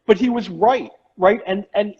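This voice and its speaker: Husky-voiced man on a dull, echoey stream. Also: high voice, moderate pace, a little mellow. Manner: conversational, frequent "right?" tag. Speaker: chef and host. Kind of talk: casual interview chat. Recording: dull, echoey remote live-stream audio.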